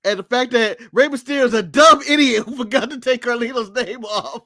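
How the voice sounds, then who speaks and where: High, bright-voiced blunt podcast man. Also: fairly quick, no room sound, studio quality. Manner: blunt, joking, swears freely. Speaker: podcast co-host. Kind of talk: casual wrestling podcast chat.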